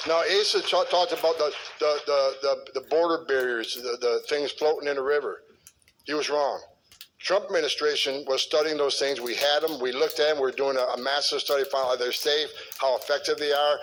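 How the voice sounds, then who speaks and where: A man's voice: on the high side, fairly even intonation, brisk, fairly bright tone, a little hiss or hum, rough recording. Blunt, heated middle-aged man. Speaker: former border enforcement official. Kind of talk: clip of a talk or interview.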